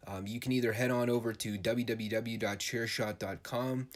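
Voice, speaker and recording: A man's voice: mid-range voice, steady tone, moderate pace. A man hosting his own wrestling podcast, talking casually and jokingly with some swearing and plenty of filler words. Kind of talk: casual solo podcast commentary.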